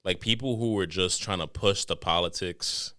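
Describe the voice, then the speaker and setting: A man's voice: sits low, normal speed, bright, forceful tone. Brief: young male podcast host from New York, casual and profane, easygoing storyteller. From New York City. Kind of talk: casual chat.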